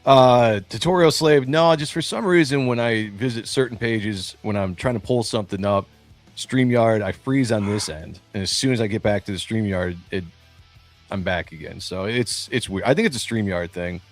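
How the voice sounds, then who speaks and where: This livestream host, a man in his forties, rambles through casual chat with lots of fillers and restarts over a remote call from a streaming studio. He speaks at a normal speed in a lowish voice, and faint music plays behind him.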